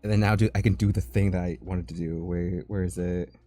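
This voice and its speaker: A man streaming as an artist, chatting casually as he works and breaking into high squeals of disgust and laughter. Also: fairly even intonation, a little fast, mellow, faint music behind. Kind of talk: casual live-stream chat while drawing.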